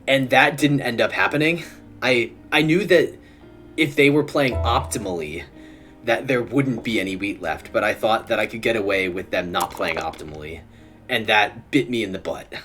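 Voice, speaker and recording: A man's voice: on the low side, moderate pace, fairly bright tone. A young man streaming, giving casual commentary while he plays, muttering to himself and chuckling often. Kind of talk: casual live gameplay commentary. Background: faint music.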